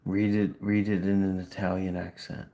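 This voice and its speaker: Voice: low voice, little pitch movement, normal speed, mellow, a little hiss or hum. A livestream co-host urging and pleading with the audience and the AI. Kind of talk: livestream chat. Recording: roomy echo.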